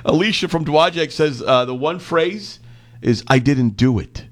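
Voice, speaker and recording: A man's voice: fairly high pitch, normal speed. A man hosting a radio morning show, reading listener texts with playful banter and frequent laughter.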